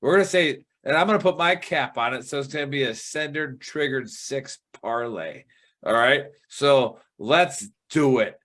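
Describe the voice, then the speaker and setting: A man's voice: medium pitch, normal speed, a bit bright. Rambling man hosting a betting show. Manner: rambling, swears casually. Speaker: show host. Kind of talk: casual podcast chat.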